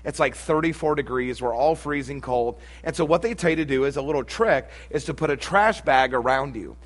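A man's voice: medium pitch, a little fast. Folksy storytelling preacher, man. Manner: storytelling, humorous, folksy asides. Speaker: pastor. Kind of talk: sermon with personal story.

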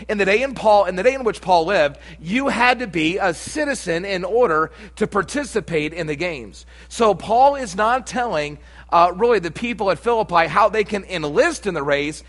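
A man's voice: high voice, fairly bright tone. A middle-aged man preaching a sermon, telling a humorous personal story with folksy asides before turning to scripture. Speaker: pastor.

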